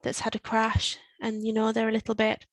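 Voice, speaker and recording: Woman, Spanish teacher, flat steady delivery, dry close sound, careful repetition. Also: on the high side, no echo, low-quality recording. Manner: slow, careful modelling of Spanish phrases. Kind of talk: recorded language lesson.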